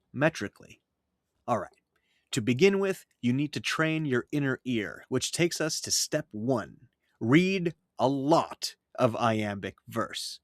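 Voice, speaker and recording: A man's voice: mid-range voice, dry recording. Man teaching poetry, dry close voice. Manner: measured, reads verse aloud with rhythm. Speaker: writing teacher. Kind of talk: scripted lesson narration.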